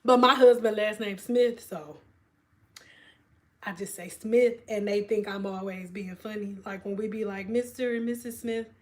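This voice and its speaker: A woman's voice: mid-range voice, steady tone, unhurried. A woman in her thirties, a former hairstylist, talking bluntly to her viewers on a phone livestream, swearing freely and repeating phrases for emphasis. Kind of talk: candid livestream chat with viewers. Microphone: phone camera.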